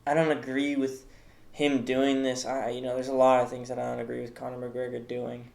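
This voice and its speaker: A man's voice: mid-range voice, monotone, a little fast, gravelly, darkish tone. Rambling, mock-serious male host. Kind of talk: comedic tier-list commentary.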